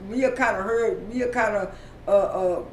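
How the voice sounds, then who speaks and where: A man casually recapping a TV episode, halting often with fillers and repeating his words. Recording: roomy echo, distant mic, faint rumble.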